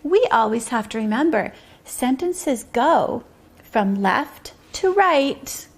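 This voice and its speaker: Her voice sits on the high side, very animated and husky, as she runs a preschool circle-time lesson. She speaks slowly in a sing-song way, stretching out rhymes and syllables.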